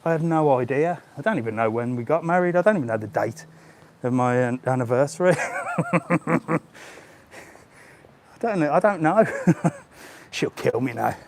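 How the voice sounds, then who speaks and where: With a handheld gimbal camera, a middle-aged man live-streams a walk around resort grounds, keeping things jokey and chatty and chuckling often. His mid-range voice is animated, at normal speed with frequent pauses, and the recording carries a little hiss or hum.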